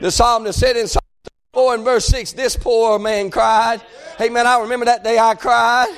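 A high-voiced, fervent shouting preacher. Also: male voice, flat delivery, moderate pace, clean tone. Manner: calls out "amen" and "hey" between phrases. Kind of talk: sermon.

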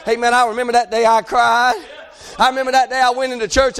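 A man preaching a fervent sermon, often shouting and calling out amen. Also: extremely high pitch, little pitch movement, brisk.

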